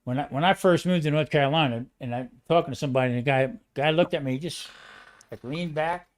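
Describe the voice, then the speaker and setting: A man rambles through stories in casual chat, jumping in excitedly and restarting his sentences. His voice sits a touch higher than most men's. He talks like a retired chef swapping tales with friends. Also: quick pace.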